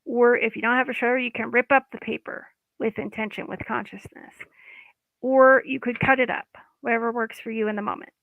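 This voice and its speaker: A woman's voice: a little high, fairly even intonation, a little fast, creaky, dry recording. A woman giving a casual, guided self-help talk as an EFT coach, informal and chatty, sometimes losing her words. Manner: chatty, informal, loses words mid-sentence. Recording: dry, phone-like line.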